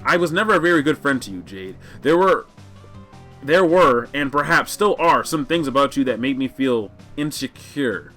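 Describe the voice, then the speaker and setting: A man voicing a sardonic teenage girl, in a measured, wordy manner. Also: medium pitch, expressive, a bit bright, faint music behind, lightly acted. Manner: measured, wordy, self-deprecating.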